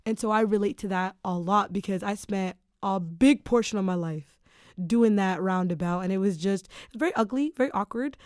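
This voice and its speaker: A woman's voice: medium pitch, normal speed, darkish tone, clean tone, no room sound, clean studio sound. A woman hosting a podcast, chatting in a relatable way with fillers. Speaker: podcast host. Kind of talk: casual podcast chat.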